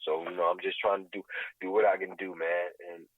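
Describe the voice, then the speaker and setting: A man's voice: low-pitched, little pitch movement, fairly quick. A man, a guest who runs a vegan restaurant, speaking in passionate, preachy podcast commentary and often asking "you know what I'm saying?". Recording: tinny phone-like line, dry.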